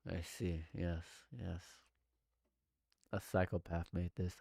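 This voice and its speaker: A young man doing live reaction commentary, jumping between loud exclamations and low repeated mutters while bantering with his chat. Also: slow pace, gravelly, pauses often, dry recording, clean studio sound. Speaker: livestream commentator.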